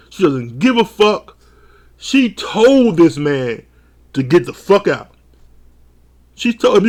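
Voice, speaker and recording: A man recapping a reality show episode in a casual, animated way, swearing often and acting out quotes. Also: on the high side. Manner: animated, swears a lot, quotes people in jumpy voices.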